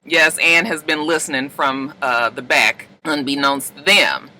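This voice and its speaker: A man casually recapping a TV episode for his vlog, animated and chatty, with some swearing. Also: a little high, a little slow, slight background noise, poor audio. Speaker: TV recap vlogger.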